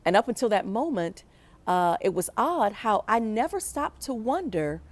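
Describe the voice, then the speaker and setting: A woman telling a personal story to an audience, animated and reflective, acting out the voices of people she quotes. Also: mid-range voice, normal speed. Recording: pre-recorded for a virtual event.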